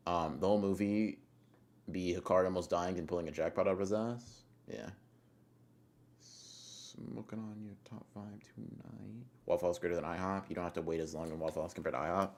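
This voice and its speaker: A man with a deep, low voice chats on a live stream. He reads chat messages aloud and answers them in a relaxed, slangy way. He rambles, restarts his sentences and swears casually. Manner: laid-back, slangy, rambling with fillers and restarts.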